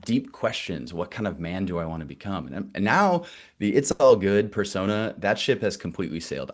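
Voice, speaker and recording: A young adult man, a nonprofit director, telling a candid personal story in a loose, conversational way. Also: low-pitched. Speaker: nonprofit director giving a talk.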